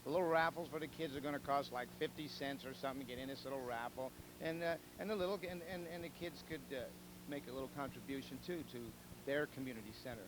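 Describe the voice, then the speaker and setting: A man's voice: medium pitch, fast talker, noisy background. A man hosting a telethon, rambling through jokes and appeals with repeated words and chuckles. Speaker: telethon host. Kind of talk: casual joke-telling and fundraising appeal.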